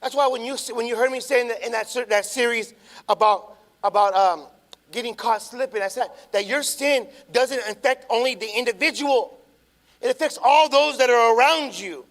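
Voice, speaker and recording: A man in his thirties, a pastor preaching a sermon, telling a family story and swinging from quiet asides to loud rising appeals. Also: very high-pitched, normal speed.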